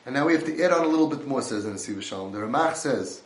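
A man's voice: mid-range voice, animated, rapid-fire, reverberant. A man giving an impassioned Torah lecture, mixing in Hebrew and Yiddish terms.

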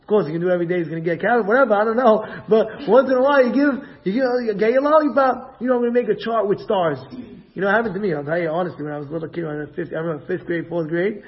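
A man giving an inspirational religious talk on parenting, animated and acting out family dialogues. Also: sits high, very fast, lo-fi sound. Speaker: Torah lecturer giving parenting advice.

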